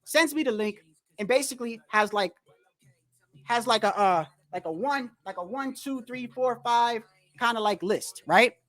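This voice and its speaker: A man's voice: very high voice, measured pace, fairly bright tone. A man telling a rambling, profane story on a casual livestream about boxing. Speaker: boxing commentary streamer.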